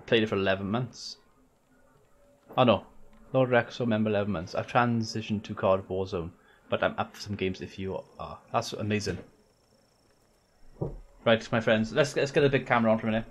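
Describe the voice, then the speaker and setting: A man's voice: on the low side, steady tone, brisk, pauses often, a little hiss or hum. A man chatting casually on a gaming live stream. He jokes, swears freely and talks to his viewers as he goes.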